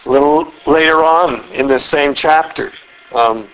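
Earnest male preacher, fairly high voice, reads scripture and presses rhetorical questions. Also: unhurried, a bit bright, rough recording. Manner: earnest, asks the listeners many rhetorical questions. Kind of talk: sermon, reading and explaining scripture.

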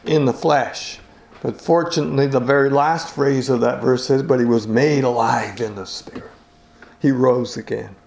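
A man's voice: mid-range voice, vocal fry, a little mellow, reverberant. A man preaching a sermon, earnest and emphatic, often repeating key phrases for weight.

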